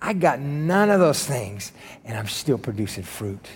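A man preaching a sermon as pastor, animated and emphatic, with joking asides. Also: medium pitch, unhurried, long reverb tail, slight background noise.

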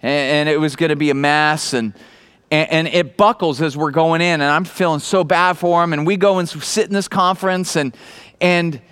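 High-voiced preaching man, earnest and rising. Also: moderate pace, clear, resonant tone. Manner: earnest storytelling, rising to loud excited preaching. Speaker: pastor. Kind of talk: sermon.

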